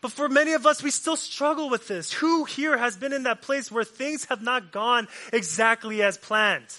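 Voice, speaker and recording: A man preaching a sermon, repeating lines for emphasis and swinging from forceful delivery to hushed, near-whispered passages. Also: very high voice, moderate pace.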